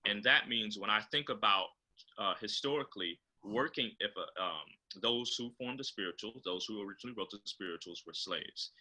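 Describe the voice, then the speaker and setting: A man, a composer and choral director, explaining choral diction over a video call and often pausing on fillers. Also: fairly low pitch, pushed and bright, low-quality recording.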